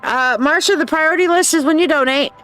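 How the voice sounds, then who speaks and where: Blunt, animated woman hosting a live stream. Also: high-pitched, fairly quick, soft background music. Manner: animated, blunt and profane, acts out quoted people in voices; calls viewers babe and dear. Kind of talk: casual live-stream chat, reading posts aloud.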